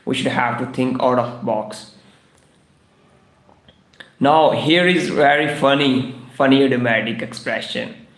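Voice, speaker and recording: Slow gravelly man drilling English phrases. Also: mid-range voice, fairly bright tone, echoey room. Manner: repeats each phrase several times, drilling; broken English grammar. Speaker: English teacher. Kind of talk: livestreamed English idiom lesson. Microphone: live stream microphone.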